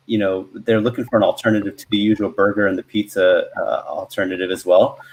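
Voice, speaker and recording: Low-voiced man talking shop on a call. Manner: relaxed, talks in loose restarts. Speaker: franchise growth expert guest. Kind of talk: casual video-call chat.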